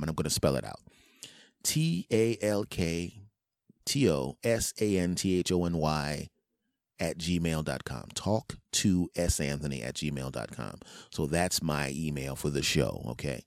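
A man in his late forties hosting a podcast, telling a comic story in an animated way and dropping into low, smooth murmurs. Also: dry recording, clean studio sound. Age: 40s. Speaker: podcast host. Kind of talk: casual comic monologue.

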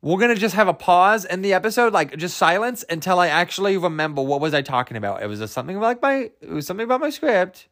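A man's voice: sits high, expressive, quick pace, few pauses, a bit bright, no echo, clean studio sound. A young man hosting a solo podcast, rambling in a goofy, self-amused way and laughing at his own jokes. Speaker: podcast host.

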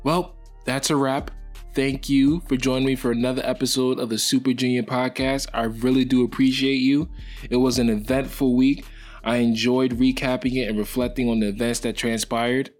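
Young guy podcast host, joking sports takes, middle pitch, quiet music under it. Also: normal speed. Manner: animated, joking, rambling opinions. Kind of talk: casual sports commentary.

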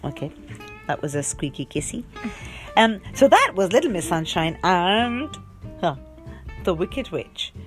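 A woman reading a children's storybook aloud in an animated, giggly, playful way. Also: on the low side, a little slow, long pauses, music in the background. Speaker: reader.

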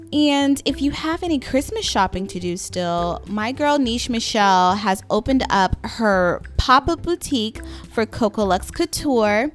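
A young woman hosting a casual podcast, raspy and getting over a cold, chatty and casually swearing as she talks to her listeners. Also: fairly high pitch. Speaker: podcast host.

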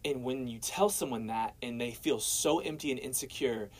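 A man's voice: mid-range voice, moderate pace, rough recording. A young man sharing his personal faith testimony as a guest, telling it casually and dropping "man" and "bro" along the way. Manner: casual, storytelling, peppers speech with "man" and "bro".

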